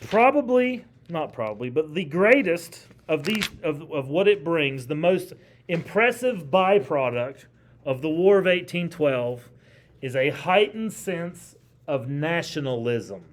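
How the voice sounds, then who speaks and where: A man's voice: on the high side, lively intonation, a little slow. A man teaching a history class in a classroom. He lectures in a conversational, emphatic way and keeps putting questions to his students.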